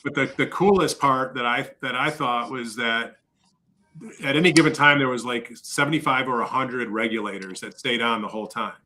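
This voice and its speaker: A male podcast guest laying out plans and numbers in an easy, upbeat, step-by-step way. His voice sits at an average pitch with a bright, pushy edge to it. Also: normal speed, poor audio. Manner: explains step by step, lively and upbeat. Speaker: podcast guest, industry leader. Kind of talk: casual explanatory chat.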